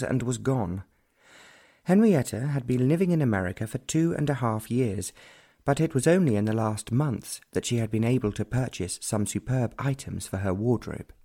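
A man reading a period novel aloud as an audiobook narrator, in measured, deliberate storytelling. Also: on the low side, mellow. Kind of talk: scripted narration.

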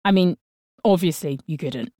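A sleepy young guy, relaxed and self-deprecating, talking in an easy offhand way, as a woman reads him aloud. Dry, close sound with no room around the voice. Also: deep voice, normal speed, no echo. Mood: easygoing. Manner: relaxed, offhand, swears casually.

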